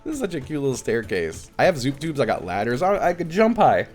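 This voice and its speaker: A man's voice: mid-range voice, fairly quick, faint music behind. A man chatting casually on a live game stream, telling stories with lots of laughter. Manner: animated storytelling with frequent laughs. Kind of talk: casual live-stream chat while gaming.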